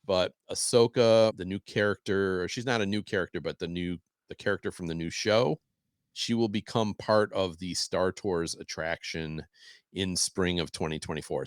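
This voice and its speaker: A middle-aged man co-hosting a podcast, talking in a relaxed, rambling way with small chuckles. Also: deep voice, dry recording, clean studio sound. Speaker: podcast co-host. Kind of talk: casual chat.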